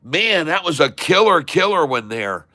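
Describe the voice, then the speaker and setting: A man hosting a casual stock trading livestream, folksy and excitable, chatting to viewers while he trades. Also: fairly high pitch, unhurried, no echo, clean studio sound. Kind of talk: casual live market commentary.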